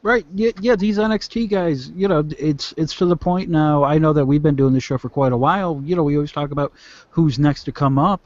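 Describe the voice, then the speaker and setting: A man's voice: a little high, brisk, a little mellow, no echo. A man co-hosting a casual wrestling chat, blunt and mocking, swearing freely. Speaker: podcast co-host. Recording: dull lo-fi audio with faint noise and clicks.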